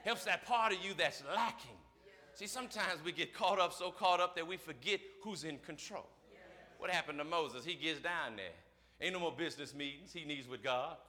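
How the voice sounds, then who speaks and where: A man's voice: on the high side, normal speed, pushed and bright. A man preaching a sermon to his church, with rhythmic call-and-response phrases and repeated lines. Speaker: pastor. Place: church service.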